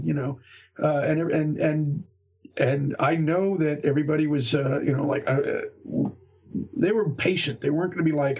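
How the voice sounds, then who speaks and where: A man's voice: fairly high pitch, moderate pace, darkish tone, husky. A man who is a guest game master, chatting casually on a podcast and telling rambling anecdotes. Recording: dull lo-fi remote audio.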